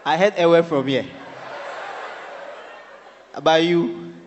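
A man's voice: fairly high pitch, slow pace, highs cut off, slight background noise. Ghanaian man doing stand-up in a hall. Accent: Ghanaian English. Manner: crowd-working, playful, switches between English and local phrases. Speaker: stand-up comedian. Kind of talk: stand-up comedy. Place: live venue with audience.

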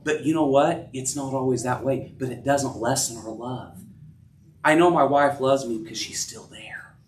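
A middle-aged man preaching a sermon as pastor, earnest, rising and dropping in pitch and loudness. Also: moderate pace. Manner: earnest preaching, rises and drops in pitch and volume. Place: church sanctuary. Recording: echoey room, voice from a distance.

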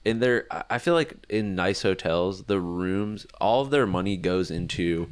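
A man's voice: deep voice, moderate pace, smooth. A man co-hosting a comedy podcast, ranting loosely with plenty of swearing. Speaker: podcast co-host. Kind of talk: casual comedic chat.

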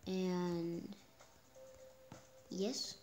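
A woman giving casual, excitable commentary while playing a phone game, cheering herself on. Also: on the low side, drawn-out words. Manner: excitable, exclaims often, talks herself on. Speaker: gameplay streamer. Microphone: phone screen recording. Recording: clear game music underneath. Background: game music.

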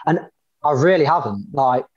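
A man's voice: medium pitch, expressive, moderate pace, a little mellow, husky, dry recording, dull audio. An English man co-hosting a podcast, talking in a rambling, hesitant way. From England. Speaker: co-host. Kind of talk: casual podcast chat.

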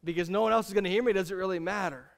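A man's voice: sits high, very fast, creaky. A man preaching a sermon as pastor, earnest and repetitive, leading the congregation in a spoken refrain. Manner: earnest, repeats phrases, leads the congregation in a refrain.

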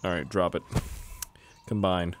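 A man's voice: low voice, fairly even intonation, unhurried. A young man from Canada giving joking, self-mocking commentary while playing a game. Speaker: gaming YouTuber. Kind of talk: let's play commentary.

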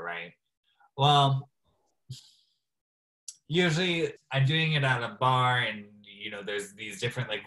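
A man's voice: lowish voice, sharp tone, poor audio. A man appearing as a drag performer guest in a casual interview, telling stories in a chatty way and filling them with "like.". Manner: chatty storyteller, frequent "like".

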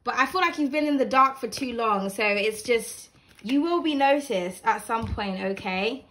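A young woman with a bright, high-pitched voice reads tarot cards to her viewers from home. She talks casually and warmly, with plenty of fillers and restarts as she encourages them. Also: animated, moderate pace. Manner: chatty, warm encouraging, many fillers. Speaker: tarot reader. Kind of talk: casual tarot reading to camera. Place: home room with blinds open.

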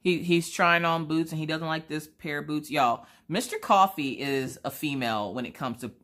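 A woman, chatting casually while she crafts and telling rambling, animated stories about her family. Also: sits low, moderate pace. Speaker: crafting vlogger.

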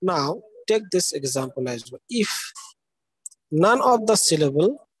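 A man's voice: a little high, breathy edge, no echo, poor audio. A man giving a live university lecture. He explains step by step, keeps asking "okay?" and spells out words letter by letter. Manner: explanatory, checks understanding with frequent "okay?".

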